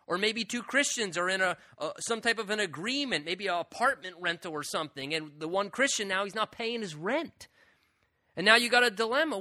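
A man's voice: sits high, animated, normal speed, bright, forceful tone, no room sound, clean studio sound. A man preaching a sermon as pastor, conversational and earnest with joking asides.

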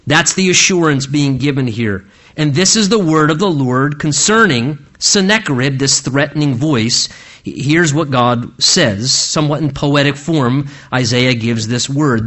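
A man's voice: mid-range voice, measured pace, a bit bright. A man preaching an expository sermon, earnestly explaining scripture verse by verse, often restarting and repeating words as he goes. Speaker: pastor.

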